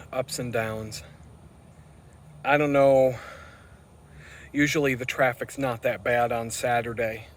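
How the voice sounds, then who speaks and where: Male vlogger, profane rambling rant while cycling outdoors, bright forceful voice. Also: mid-range voice, slight background noise. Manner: profane, ranting. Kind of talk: rambling vlog while riding. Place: outdoors on a bicycle on the road.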